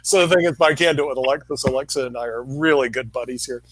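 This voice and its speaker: A man's voice: medium pitch, racing, a bit bright, no echo. A man hosting a casual panel chat over a video call, joking and laughing often. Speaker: host. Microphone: video call mic.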